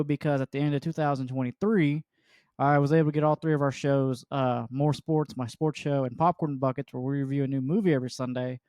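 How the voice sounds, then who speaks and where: A young man hosting a podcast, telling a story in an animated, exasperated way. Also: mid-range voice, clear, resonant tone, dry recording, studio quality. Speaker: podcast host. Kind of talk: casual chat.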